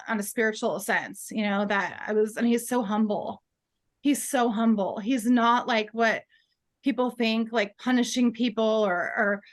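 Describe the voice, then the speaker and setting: Bright-voiced woman telling a tearful story. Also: fairly high pitch. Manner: halting, with fillers and soft laughs. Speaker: guest. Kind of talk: emotional personal storytelling in an interview.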